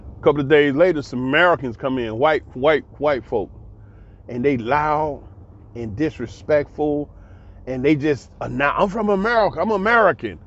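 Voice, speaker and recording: A man's voice: medium pitch, a little slow, highs cut off. A man giving a casual spoken commentary, blunt and emphatic, repeating himself and swearing freely. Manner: emphatic, repetitive, blunt and profane. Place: abroad.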